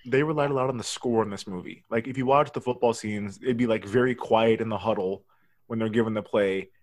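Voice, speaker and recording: A man's voice: on the low side, a little fast, no room sound. Blunt man on a dry mic. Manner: blunt, swears casually. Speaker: podcast co-host. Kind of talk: casual movie-review chat.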